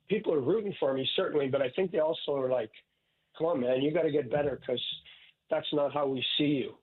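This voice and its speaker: Older man, from Canada, stop-start speech, mid-pitched voice, thin phone-line sound. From Saskatchewan, Canada. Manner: halting, many restarts. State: ill with cancer. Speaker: radio guest. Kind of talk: emotional interview talk.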